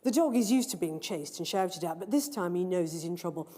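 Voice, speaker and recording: A woman reading her own story aloud at a live event in a large library hall, with expressive, measured storytelling. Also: lowish voice. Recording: long reverb of a large hall.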